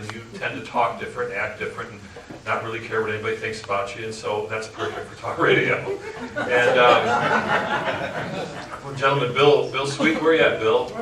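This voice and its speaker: A man who hosts talk radio giving a frank, joking motivational talk to a live audience. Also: medium pitch. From Upper Michigan. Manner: frank, joking, animated storyteller. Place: indoor meeting room with audience. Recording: echoey room, far from mic, noisy.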